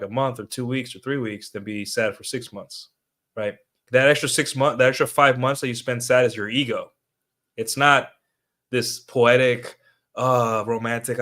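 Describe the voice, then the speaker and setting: This streamer is a young man with a mid-range, slightly bright voice. He gives casual livestream commentary, chatting to his viewers with plenty of fillers and tag questions.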